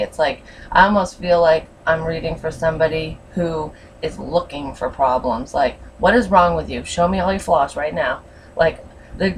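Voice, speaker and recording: Woman doing a tarot reading, low voice, mic a bit far off, faint hiss, blunt and sweary. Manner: blunt and frank, swears freely. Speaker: tarot reader.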